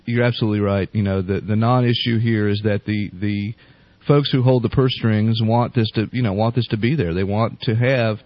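A man's voice: on the low side, fairly even intonation, no echo. Guy talking politics, lots of restarts, dull dry lo-fi sound. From United States. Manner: halting, restarts, drawn-out emphasis. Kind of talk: casual political chat.

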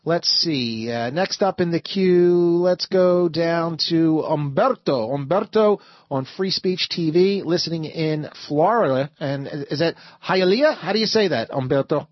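A man hosting a call-in talk radio show, talking fast and repeating words as he builds his points. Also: fairly high pitch, lively intonation, no echo. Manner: stammering, repeats words while building arguments. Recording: muffled broadcast audio.

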